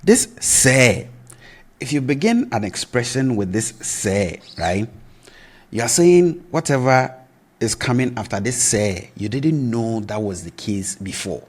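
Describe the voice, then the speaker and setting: Slow, husky man teaching. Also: mid-range voice, animated. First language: Twi. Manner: patient, repeats words slowly for pronunciation, often asks "right?". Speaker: language teacher. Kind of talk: explanatory language lesson.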